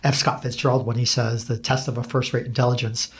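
A husky, slightly breathy man talks things over in a loose podcast chat. He sits at a middle pitch, thinks out loud, and drops the odd swear word with a laugh. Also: little pitch movement, fast talker. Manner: reflective, laughs often, swears casually. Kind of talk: casual podcast conversation.

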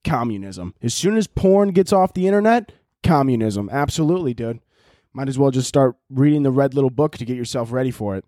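A man's voice: mid-range voice, lively intonation, a little fast, dark tone, no room sound, clean studio sound. A young man from Chicago with a Chicago accent, hosting a podcast in a rambling, profane comedic monologue and laughing often. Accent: American, Chicago. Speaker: podcast host.

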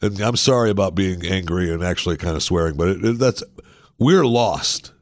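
A man's voice: deep voice, lively intonation, moderate pace, no echo, studio quality. A man hosting a talk show, giving opinionated political commentary with indignant, sarcastic asides.

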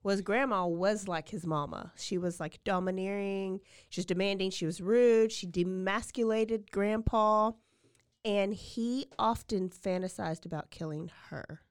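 A woman's voice: mid-range voice, unhurried, smooth. A woman hosting a podcast, casually retelling a true-crime story with lots of fillers and acted-out quotes. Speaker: podcast host.

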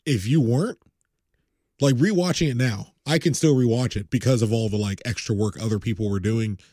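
A man in casual podcast chat, blunt and profane, muttering asides and then bursting out loud. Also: mid-range voice, fairly quick, dry recording, studio quality. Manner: blunt, profane, jumps between mumbling asides and loud outbursts.

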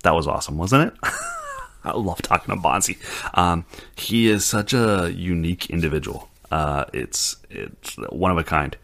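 Speaking at a normal speed, this podcast host has a low-sitting voice with a fairly bright tone. He wanders through relaxed conversation and the show's outro, cursing casually, using a studio mic and headphones.

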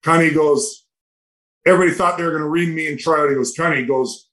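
Animated older man telling hockey stories. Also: a little high, fairly quick, rough recording. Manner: animated, rambling anecdotes with quoted dialogue. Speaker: retired hockey player, guest. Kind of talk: storytelling in a podcast interview.

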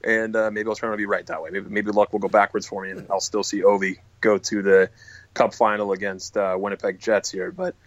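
A man hosting a casual sports talk show, chatting in a relaxed, joking way. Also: fairly low pitch, fairly quick, no room sound, muffled recording. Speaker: podcast host.

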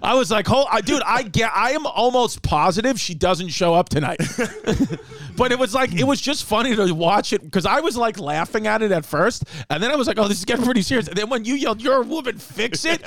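A man's voice: sits high, fairly quick. A man co-hosting a casual podcast, telling rambling stories with lots of "like" and laughter. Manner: rambling, animated storytelling with frequent laughs. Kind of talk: casual chat.

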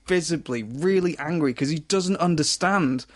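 A man chatting casually, telling stories in an animated way, laughing often. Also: on the high side, normal speed. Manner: animated, laughing, swearing storyteller. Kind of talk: casual chat.

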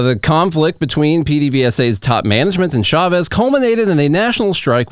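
A man's voice: on the high side, no room sound, studio quality. A man co-hosting a podcast in casual chat, reading news articles aloud and walking through a chart with offhand asides. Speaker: podcast co-host.

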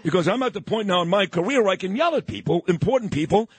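Ranting loud-mouthed talk radio man. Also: sits high, lively intonation, fast talker, a crowd in the background. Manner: loud, ranting, combative, swings up into yelling. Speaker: radio talk show host. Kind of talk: opinionated morning talk radio. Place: radio studio.

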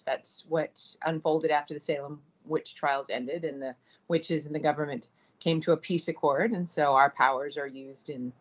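A woman from Vancouver, an actress guest in an interview, answering in a measured, articulate way. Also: low-pitched, highs cut off. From Vancouver, British Columbia.

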